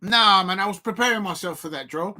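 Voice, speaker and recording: An excitable man hosts a live football watch-along, his voice bright and forceful. He jumps from playful jokes to loud, despairing outbursts. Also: high-pitched, fairly quick. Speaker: football fan channel host.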